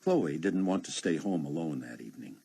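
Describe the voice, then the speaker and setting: A man narrating an unabridged audiobook in a steady storytelling manner. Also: a bass voice, fairly quick, vocal fry, slightly rough. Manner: steady storytelling with many voiced characters.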